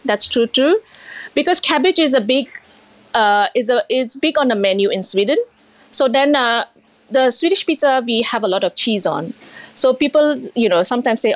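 A woman's voice: a little high, animated, normal speed, no echo. A middle-aged woman from India who owns a restaurant, talking emotionally in an interview with many fillers and restarts. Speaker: restaurant owner.

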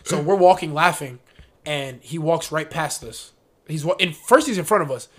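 Animated slangy young man storyteller. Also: on the high side, moderate pace. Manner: animated, slangy, acts out quotes. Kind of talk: casual chat, storytelling.

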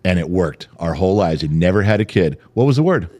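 A middle-aged man talks casually on a podcast. His voice sits low, but he swings it up and down as he tells the story and acts out the people in it. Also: expressive, fast, warm tone, dry recording. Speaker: podcast co-host. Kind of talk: casual chat.

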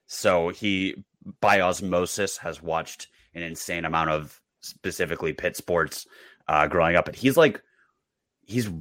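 Low-voiced man telling a lively story. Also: no room sound. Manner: animated storyteller, voices quotes in a high excited pitch. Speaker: podcast co-host. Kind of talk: casual chat, storytelling.

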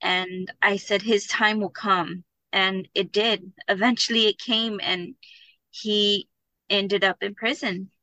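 A woman with a bright, clear voice tells her story as a podcast guest. She speaks openly and from the heart, at times near tears. The sound is close and dry. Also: mid-range voice, steady tone, slow, no room sound, low-quality recording. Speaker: guest, abuse survivor and book subject. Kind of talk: emotional personal storytelling.

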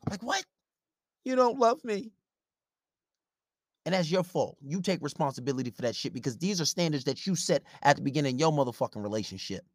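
A man's voice: fairly high pitch, very animated, brisk, no room sound, studio quality. A man delivering a blunt, profane advice rant in a confrontational way. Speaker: relationship advice commentator. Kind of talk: ranting advice monologue.

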